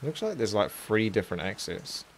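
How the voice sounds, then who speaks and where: A man's voice: on the low side, big pitch swings, moderate pace, a little hiss or hum. A man streaming a game live, chatting casually with rambling asides and a slight sore throat. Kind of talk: live gameplay commentary.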